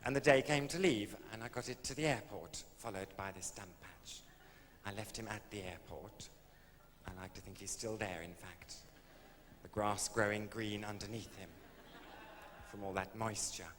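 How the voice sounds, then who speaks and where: On stage, a male stand-up comedian with a lowish voice tells a camp, arch story full of innuendo at a moderate pace. It's an echoey old live recording with a faint hiss.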